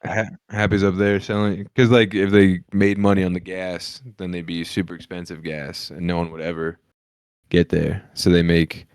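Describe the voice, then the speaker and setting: Very deep-voiced young man, casual. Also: little pitch movement, moderate pace, clean tone, no echo, clean studio sound. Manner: laid-back storytelling with frequent "like" and laughter-prone asides. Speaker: podcast co-host. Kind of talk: casual comedic chat.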